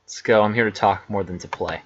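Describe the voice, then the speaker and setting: A man's voice: on the low side, fairly even intonation, a little fast, muffled recording. A man co-hosting a let's play, chatting casually and weighing game choices aloud. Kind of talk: casual gameplay chat.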